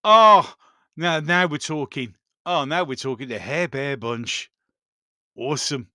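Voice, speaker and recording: A man's voice: a little high, unhurried, pushed and bright, no echo. Enthusiastic man on a dry mic. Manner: enthusiastic, repeats "absolutely", laughs often. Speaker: livestream host. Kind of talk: casual live chat reading viewer comments.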